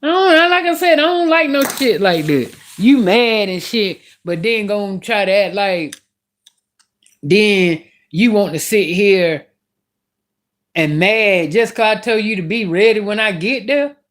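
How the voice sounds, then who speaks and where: A woman's voice: mid-range voice, lively intonation, measured pace. A woman vlogger telling a story in a casual rant, blunt and profane as she vents.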